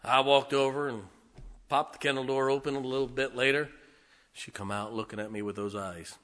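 A middle-aged man preaching a sermon as pastor, swinging between loud, emphatic lines and quiet, hushed ones. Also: mid-range voice, fairly even intonation, normal speed.

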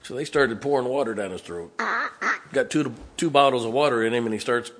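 An older man preaching a sermon. He tells a story in a hushed, folksy way, then builds to fervent, rising preaching. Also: mid-range voice, brisk.

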